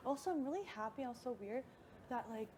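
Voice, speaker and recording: A woman chatting casually, animated as she tells stories and acts out what others said, with frequent "like". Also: a little high, a little fast. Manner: animated storytelling, quotes others, says "like" often. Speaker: reality show houseguest. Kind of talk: casual chat. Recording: live feed with audible background noise.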